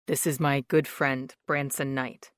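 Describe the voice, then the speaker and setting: A woman narrator voicing a guarded man who speaks low and steady. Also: unhurried, no room sound, studio quality. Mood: restrained, steady. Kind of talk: audiobook narration.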